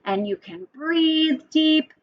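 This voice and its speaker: Woman teacher, storytelling for little kids, animated, high voice, dull lo-fi recording. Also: slow pace. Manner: animated, asks the children questions. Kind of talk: storytelling lesson for young children.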